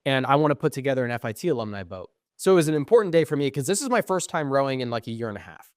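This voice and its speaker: A man's voice: medium pitch, racing, no echo, clean studio sound. A young man co-hosting a podcast, telling a long story with lots of ums and acting out what people said. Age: young adult. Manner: animated storyteller, acts out quoted exchanges, frequent ums; swears when frustrated. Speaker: podcast co-host. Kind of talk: casual storytelling chat.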